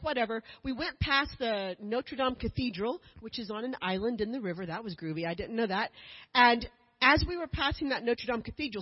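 A woman talks a church group through her slides, chatty and full of joking asides. Her voice sits a little high and has a husky edge. The recording is dull and lo-fi. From United States. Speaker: missionary speaker.

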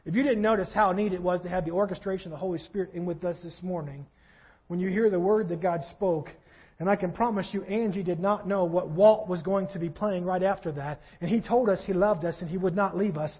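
A husky-voiced male pastor preaching a sermon in a church, swinging between quiet reflection and loud fervent passages. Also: sits high, a little fast, highs cut off. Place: church sanctuary.

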